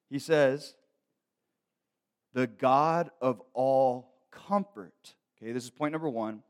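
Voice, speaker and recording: A male pastor with a medium-pitched voice preaches conversationally, often checking in with "okay?". His voice rises loud and slow for scripture readings and drops for quieter asides.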